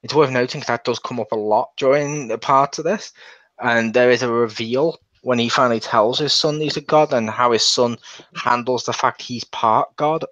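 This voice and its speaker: A man's voice: medium pitch, fairly even intonation, normal speed, a bit bright, no room sound. A man hosting a casual game review, rambling along and restarting his sentences. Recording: dull lo-fi.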